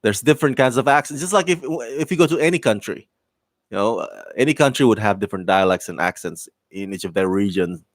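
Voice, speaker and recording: A man's voice: lowish voice, lively intonation, fairly quick, no room sound. A man giving a casual spoken review of a TV show, enthusiastic and rambling, with many fillers, restarts and laughs.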